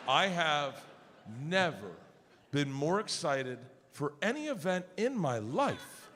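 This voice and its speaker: Animated stand-up comic, lively pitch. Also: male voice, unhurried, in a large hall. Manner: animated, swings between high excited yelps and low gruff impressions. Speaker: stand-up comedian. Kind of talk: stand-up storytelling. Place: comedy club stage. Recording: live club with audience noise.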